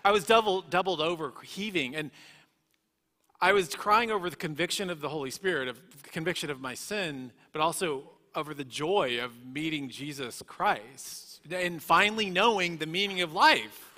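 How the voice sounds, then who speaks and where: Man, bright tense voice, fairly high, earnest testimony, echoey hall. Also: moderate pace. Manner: earnest, emotional storytelling with many restarts. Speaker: guest speaker. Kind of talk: personal testimony.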